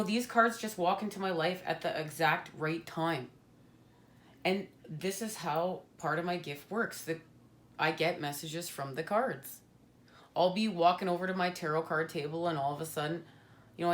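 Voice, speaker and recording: A woman giving a spiritual tarot card reading at home, talking earnestly and passionately with a rambling flow. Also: deep voice.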